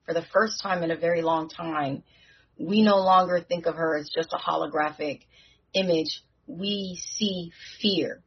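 A woman hosting a casual podcast recap, talking in an animated, slangy way with frequent restarts. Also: lowish voice, measured pace, breathy edge, dull audio. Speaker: podcast host recapping a TV episode.

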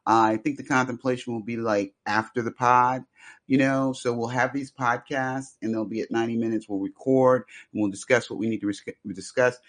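A man hosting a podcast, passing the mic around in a loose, halting way with many fillers. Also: medium pitch, fairly even intonation, a bit bright. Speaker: podcast host. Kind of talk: casual moderating.

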